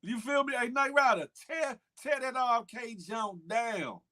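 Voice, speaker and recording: A man's voice: very high voice, measured pace, bright, forceful tone. A man hosting a casual morning livestream, talking back to chat and repeating himself for emphasis. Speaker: morning show host reading live chat.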